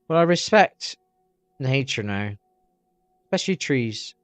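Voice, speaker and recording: A man's voice: medium pitch, moderate pace, pauses often, no room sound, muffled recording, soft background music. A man chatting loosely on a live stream while watching videos, swearing freely as he rambles.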